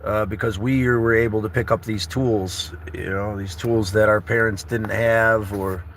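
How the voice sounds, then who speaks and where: A laid-back man in his thirties rambles through a morning chat from inside his camper car, his voice bright and forward. He calls listeners brother and buddy. A faint hum of background noise sits under him. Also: on the low side, fairly even intonation, unhurried. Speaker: travel vlogger. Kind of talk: casual morning livestream chat.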